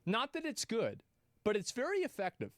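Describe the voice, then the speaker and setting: A man streaming, reacting to a video in an excitable way, swearing and exclaiming. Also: very high voice, normal speed, dry recording, studio quality. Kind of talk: casual reaction commentary.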